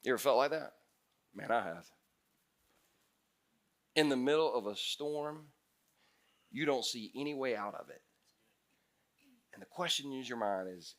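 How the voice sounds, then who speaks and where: A male pastor preaching a sermon, animated, moving between loud bursts and hushed passages. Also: medium pitch, slow pace, pauses often.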